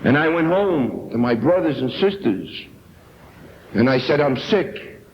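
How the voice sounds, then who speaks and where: A man's voice: mid-range voice, sing-song, a little slow, slight background noise. A man from New York giving an earnest, emphatic personal testimony at a recovery meeting. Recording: echoey, dull 1970s tape recording.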